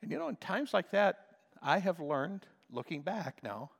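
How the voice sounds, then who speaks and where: An older man preaching a sermon as a pastor, swinging between hushed talk and impassioned shouts. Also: high voice, big pitch swings, normal speed, creaky, in a large hall.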